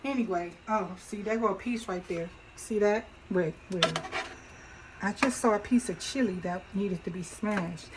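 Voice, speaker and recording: A middle-aged woman runs her own cooking channel and chats through a relaxed demonstration at her kitchen stove, folksy and quick to laugh. Her mid-range voice moves at a moderate pace over heavy background noise.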